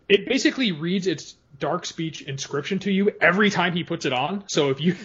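A man co-hosting a podcast, talking casually about a film in an animated way, laughing often. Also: fairly high pitch, moderate pace, breathy edge, highs cut off. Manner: animated, laughs often, quotes lines in funny voices. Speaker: podcast co-host.

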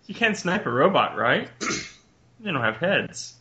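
A man's voice: fairly high pitch, very animated, bright, forceful tone. A man hosting a casual podcast chat with friends over a call, joking and teasing with mock exasperation. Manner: joking, exasperated, quick to laugh. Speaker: podcast host. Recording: muffled lo-fi call audio.

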